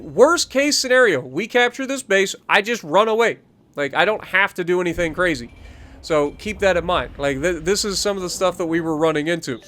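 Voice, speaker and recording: A man's voice: on the high side, a bit bright. Man coaching through a naval game match. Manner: explanatory, coaching, repeats key points. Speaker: gaming channel host. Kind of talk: gameplay commentary over recorded match.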